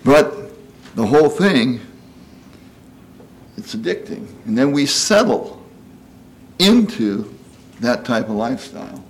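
A man's voice: mid-range voice, very animated, slow pace, pauses often. A man in his sixties giving a conversational sermon, folksy and chatty, often asking "you know?" and acting out quoted voices. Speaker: preacher.

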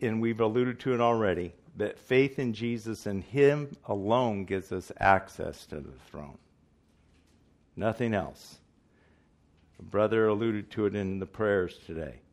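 A man's voice: fairly low pitch, takes it slowly, long pauses. A man preaching a sermon in earnest, emphatic style, asking his listeners questions.

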